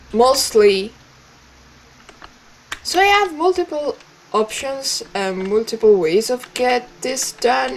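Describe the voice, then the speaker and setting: A woman's voice: on the high side, a bit bright, a little hiss or hum. A woman, a native Italian speaker, playing a text game and reading its lines aloud with chatty, playful asides. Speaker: let's play streamer.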